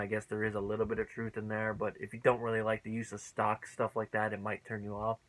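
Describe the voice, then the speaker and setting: A man giving a casual spoken review of a TV episode, chatty, laughing often and filling his pauses with "uh". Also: lowish voice, monotone, pushed and bright, low-quality recording.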